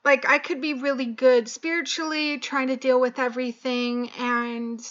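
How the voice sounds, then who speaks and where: A young woman speaks slowly in a fairly high, bright voice, her delivery flat and halting with frequent pauses. She sounds tearful and choked up as she confides in a personal vlog. The recording is dull and lo-fi. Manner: slow, halting and emotional, with many pauses and fillers. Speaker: vlogger.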